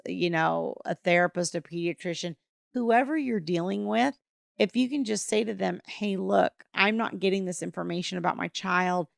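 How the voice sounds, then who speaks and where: A woman with a fairly low, gravelly voice, recorded with studio quality and no echo, speaks to camera with advice for parents going through divorce. Her manner is casual and conversational, and she acts out the things people might say.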